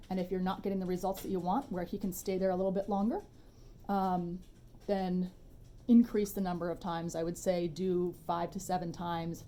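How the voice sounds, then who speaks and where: Mellow-voiced woman explaining dog training. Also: lowish voice. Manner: relaxed, chatty explaining with informal asides. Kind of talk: demonstration tutorial.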